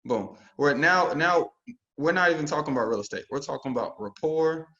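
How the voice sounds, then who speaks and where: A man coaching a group on a call, energetic and constantly checking in with "okay?". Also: fairly high pitch, brisk, dull audio. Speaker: real estate investing coach. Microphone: video call.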